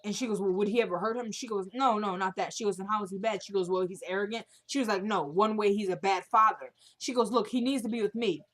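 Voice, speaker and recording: A woman casually retelling a TV episode scene by scene, quoting the characters in an animated, chatty way. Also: mid-range voice, fast talker, hardly any pauses. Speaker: TV episode recapper. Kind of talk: casual episode recap vlog.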